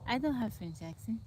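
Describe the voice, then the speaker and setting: A woman chatting on a live stream, calmly greeting and thanking viewers one by one from outdoors in the woods, speaking into her phone. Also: mid-range voice. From Texas, USA. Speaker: livestream host. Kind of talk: casual live-stream chat reading viewer comments. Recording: faint outdoor noise from a phone. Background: insects and birds outdoors.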